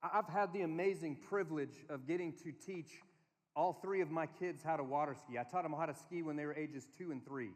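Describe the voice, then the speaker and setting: A man preaching to a conference crowd, telling family stories in an animated way and giving the room instructions. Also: a little high, brisk. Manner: storytelling, animated, quotes his kids in a small voice. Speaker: speaker. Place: large hall. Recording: long hall reverb.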